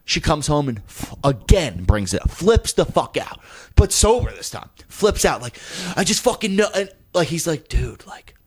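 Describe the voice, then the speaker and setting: His voice sits on the high side, slightly rough, at a normal speed. The young co-host of a comedy podcast spins a story in loose conversation, voicing each person he mentions and swearing freely.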